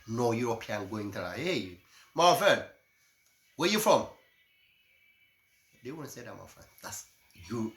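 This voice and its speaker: A man's voice: fairly low pitch, slight background noise. Impassioned middle-aged man in an echoey room. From Eritrea. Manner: ranting, repeats "my friend", swings loud and soft. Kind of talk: impassioned monologue. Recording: echoey room with faint ambience.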